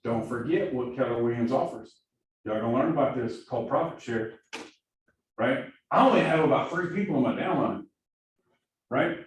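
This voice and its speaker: A man's voice: mid-range voice, moderate pace. A man with a Southern accent coaching a class of new agents, keeps checking in with "right?". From Missouri. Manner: energetic, keeps asking "right?". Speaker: productivity coach. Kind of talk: classroom training talk. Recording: echoey room from far off, faint hiss.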